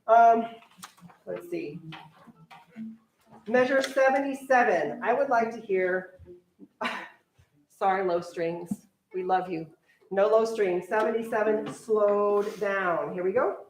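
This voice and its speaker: A young woman orchestra teacher directing a string rehearsal, briskly counting off and coaching her players. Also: medium pitch, distant mic, slight background noise. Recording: echoey room, voice from afar, strings playing.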